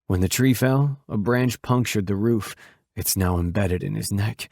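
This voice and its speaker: A man voicing a brisk young woman firefighter. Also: on the low side, creaky, a little mellow, dry recording, studio quality.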